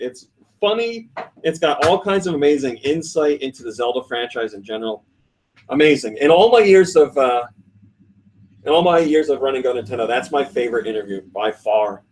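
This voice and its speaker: Male podcast host, a bit high-pitched, animated storyteller who laughs easily. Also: a little fast, distant mic. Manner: reads listener comments aloud. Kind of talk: casual podcast chat.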